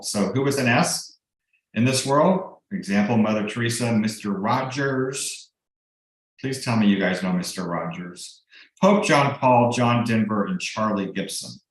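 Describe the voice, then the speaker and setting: A middle-aged man, a real estate broker and coach, giving a casual, explanatory team training with frequent ums and restarts over a video call. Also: lowish voice. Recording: very echoey room.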